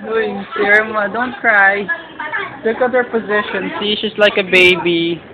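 A woman's voice: medium pitch, steady tone, a little slow, narrow, tinny audio, a crowd in the background. A woman with a Filipino accent filming at home on a handheld camera, chatting casually and coaxing, teasing and repeating herself. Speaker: home video maker filming family. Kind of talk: casual home video narration. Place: living room at home. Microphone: handheld camera mic.

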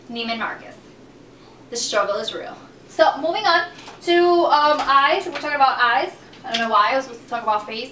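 A woman's voice: high-pitched, sharp tone, reverberant, recorded from a distance, slight background noise. A young woman chatting casually through a beauty product review, gushing about favorites. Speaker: beauty vlogger.

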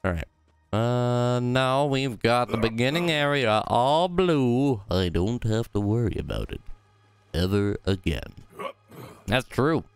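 A man's voice: lively intonation, takes it slowly, clear, resonant tone, no room sound. A young man commentating his own video game play, rambling and joking to himself. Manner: goofy, silly rambling with sudden high squeals. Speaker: gaming YouTuber.

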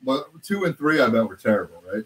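A man hosting a casual live auction stream in a middle-pitched voice. His intonation is very animated, rising and falling freely as he presents lots and banters with his partner. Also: quick pace, poor audio. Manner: lively, easygoing, quotes movie lines. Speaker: auction host.

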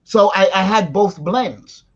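Lively Jamaican woman, lo-fi sound. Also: mid-range voice, slow pace. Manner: animated, switching into patois. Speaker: interview guest. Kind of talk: casual conversation. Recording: dull lo-fi audio.

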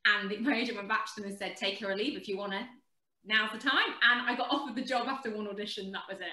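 A woman, telling a lively anecdote as a guest and acting out the quotes. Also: medium pitch, fast, roomy sound, low-quality recording. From England. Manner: animated storyteller, acts out quotes. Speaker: actress guest.

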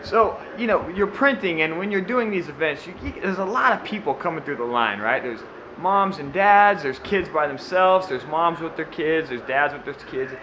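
A man's voice: on the high side, lively intonation, moderate pace, noisy background. A man who works as a screen printer, talking casually to the camera in his shop and telling stories by acting out the people in them. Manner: rambling storyteller, acts out quotes.

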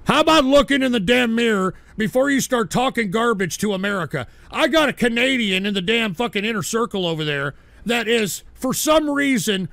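A man hosting a livestream radio show, ranting profanely about his chat and breaking into abrasive shouting bursts. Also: extremely high pitch, expressive, brisk, vocal fry, hardly any pauses, no room sound. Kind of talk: profane on-air rant reading chat.

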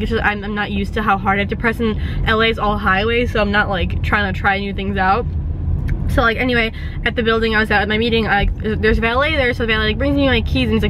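A young woman vlogger chatting casually and rambling with lots of fillers while driving. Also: a little high. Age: young adult. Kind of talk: casual vlog chat. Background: road and car noise.

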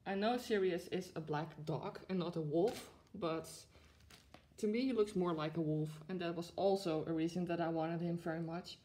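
A woman's voice: lowish voice, moderate pace, mellow. A woman in her twenties chatting to camera as she unboxes a collectible, gushing and giggling often between many fillers. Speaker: plush collector vlogger. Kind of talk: casual unboxing chat to camera.

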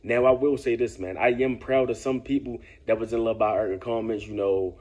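A man's voice: fairly low pitch, fairly even intonation, brisk, darkish tone, highs cut off. A man giving casual vlog commentary, laid-back and lecturing, often tossing in "man" and "bruh". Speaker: commentary vlogger.

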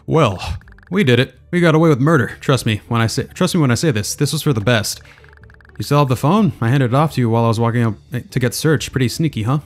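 A man's voice: mid-range voice, quick pace, lightly acted. Man voicing a sly, smug schoolboy. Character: sly, smug kindergarten boy accomplice.

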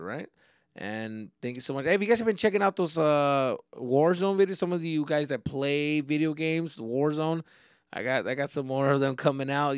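A young adult man, a comedian, hosting a solo podcast in a casual, profane and animated way. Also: medium pitch, clean tone, dry recording, clean studio sound. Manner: profane, animated, pep-talk delivery.

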